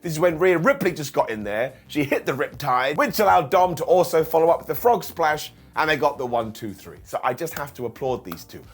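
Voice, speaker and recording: A man's voice: a little high, lively intonation, fairly quick, few pauses, husky. A man reviewing a wrestling show in a casual, sarcastic recap, acting out quotes in funny voices.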